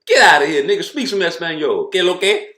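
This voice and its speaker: Male commentator, high-pitched, blunt and profane rant, echoey room. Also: animated, fairly quick, sharp tone. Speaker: boxing commentator. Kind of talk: ranting commentary.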